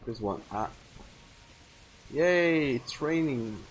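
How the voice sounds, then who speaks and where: A man's voice: medium pitch, animated, extremely slow, a little hiss or hum. A man streaming a video game live, chatting casually, reading viewer messages aloud and swearing freely.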